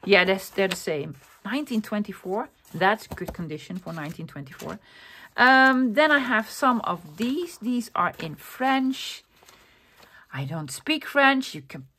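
A woman's voice: medium pitch, sing-song, slow, fairly bright tone. A woman chatting through a show-and-tell of her vintage finds. She sounds enthusiastic and rambles a little, full of ums, restarts and little exclamations, with a mid-range voice. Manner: enthusiastic, rambling, with many fillers and self-corrections. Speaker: vlogger showing a thrift haul.

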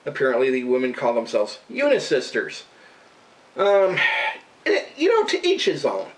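A man's voice: mid-range voice, wildly swooping pitch, normal speed, distant mic, rough recording. Swearing, rambling man ranting. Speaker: radio show regular and vlogger. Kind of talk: casual profane rant to camera.

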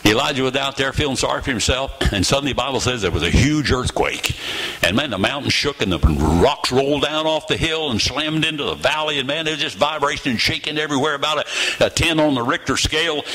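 Man in his 80s, preacher; bright, forceful voice, lively storytelling with dramatic pauses, sermon in a church. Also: on the high side, poor audio. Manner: animated storytelling, dramatic pauses and slowed phrases.

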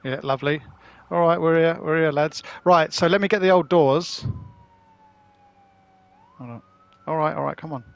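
Gravelly and slightly high-pitched, this male gaming streamer talks at a normal speed with no room sound in the recording. He curses casually while bantering with friends over a driving game he's livestreaming.

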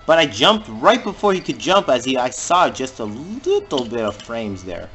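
A man giving jokey let's-play commentary over a video game and reacting with sudden loud exclamations. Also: mid-range voice, wildly swooping pitch, moderate pace, few pauses, soft background music. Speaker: gamer playing through a video game.

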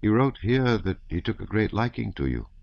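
A man voicing a dying nobleman who speaks quietly and coldly, from a detached distance. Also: on the low side, big pitch swings, moderate pace, vocal fry, no room sound, pitched above the performer's own voice. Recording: slightly dull recording.

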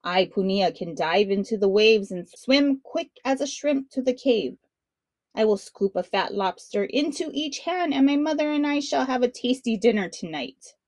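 A woman reading aloud and voicing a clever, bold young island boy who calls out loudly and boastfully in a storybook. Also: on the high side, animated, moderate pace, no echo, natural voice. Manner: loud, boastful calling out.

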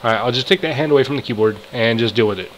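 A man giving casual commentary while playing a game, talking to himself, swinging between frustrated outbursts and excited shouts. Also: medium pitch, very fast, a little hiss or hum, rough recording. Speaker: gamer.

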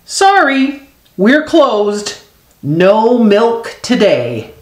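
A woman's voice: on the high side, big pitch swings, very slow, voice pushed up, exaggerated voice. A woman voicing a group of polite cows reading out their typed letters formally in a storybook. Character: polite typing cows writing notes. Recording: echoey room.

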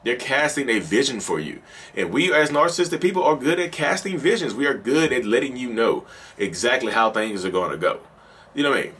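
A man's voice: mid-range voice, lively intonation, a little fast, a bit bright, slightly rough. A man with a Southern accent hosting a solo podcast, talking casually and emphatically, often repeating and restarting his phrases. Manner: repetitive, emphatic, restarts sentences, acts out quoted lines. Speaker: podcast host.

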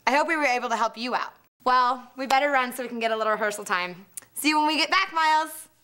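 A woman's voice: high-pitched, quick pace, clean tone. A woman cheerleader speaking to students in a peppy way, asking them to cheer and to keep active. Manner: peppy, shouts cheer replies. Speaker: cheerleader presenter. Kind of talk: school presentation.

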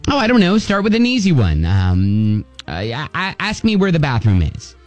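A man's voice: a little high, wildly swooping pitch, moderate pace, soft background music, pitched above the performer's own voice. A man putting on a haughty male head of a French department on a prank call, with a condescending, stammering manner. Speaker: prank caller.

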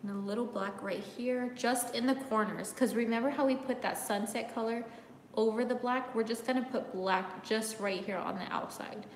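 A woman's voice: fairly even intonation, moderate pace, slight background noise. A woman chatting playfully through a makeup tutorial, teasing viewers and slipping in. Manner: playful, teasing, bursts into laughter and high sing-song bits. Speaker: makeup vlogger. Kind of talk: casual makeup tutorial chat with live comments. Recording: echoey room with long reverb.

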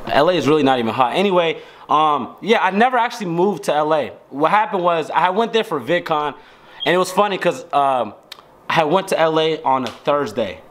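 A man's voice: a little high, animated, brisk, fairly bright tone. A young man from Georgia in the US, rambling in slang to the camera at home and restarting his sentences. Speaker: vlogger. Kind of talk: casual chat to camera. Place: at home indoors.

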